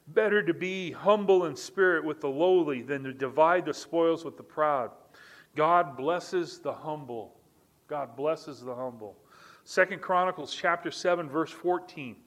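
A middle-aged male pastor preaching a sermon in an earnest way, repeating key lines for emphasis. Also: on the high side.

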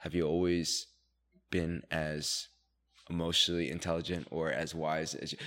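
Pembawa acara pria bersuara sangat rendah. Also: male voice, a bass voice, little pitch movement, fairly bright tone, long reverb tail. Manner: teasing, quick questions. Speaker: podcast host. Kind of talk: casual interview chat.

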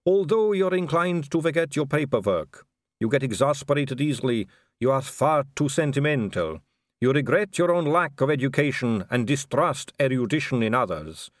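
A man's voice: mid-range voice, lively intonation, normal speed, no room sound, studio quality, lightly acted. Man doing a genteel vampire lady. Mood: gracious. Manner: polite, gracious, lightly teasing. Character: genteel female vampire aristocrat, middle-aged, poised.

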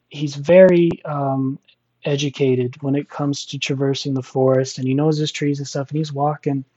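A man's voice: on the high side, warm tone, dull audio. A man casually telling a personal story, rambling with many fillers and restarts. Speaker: storyteller guest.

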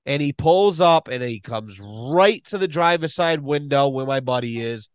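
A man telling a long story on a podcast, animated and full of swearing. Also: medium pitch, normal speed, smooth, no room sound. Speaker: podcast guest. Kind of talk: casual storytelling.

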